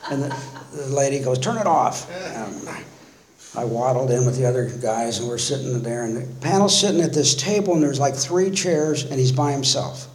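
A man's voice: medium pitch, normal speed. A man sharing his own recovery story at a meeting, wry and self-mocking, acting out what he thought back then. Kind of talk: personal recovery talk. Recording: echoey room with faint noise.

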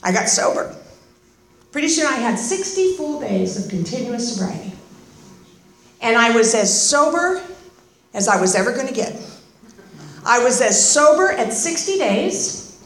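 Brief: fifties woman, recovery speaker, wry and lively, fairly high voice, roomy reverb. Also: a little slow, pauses often. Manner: animated, sarcastic, acts out voices. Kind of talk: personal testimony with humor. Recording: roomy echoing meeting hall.

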